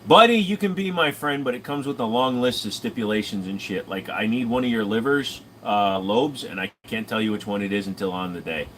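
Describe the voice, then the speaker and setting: A man's voice: fairly low pitch, brisk, hardly any pauses, a bit bright, a little hiss or hum, low-quality recording. A man streaming late at night, casually answering chat questions with crude jokes and riffs. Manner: crude joking, riffing impressions. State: sleepy.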